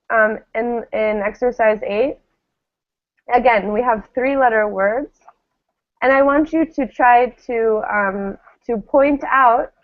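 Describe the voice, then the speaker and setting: With a rather high voice, this woman teaches English pronunciation slowly and patiently, elongating every word as a model for her students to repeat. The audio has a thin, tinny, phone-like quality.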